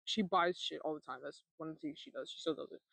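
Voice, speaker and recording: A young adult woman vlogging a personal testimony, telling her story in a halting, rambling way with lots of fillers and swearing. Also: deep voice, creaky, a bit bright, dry recording.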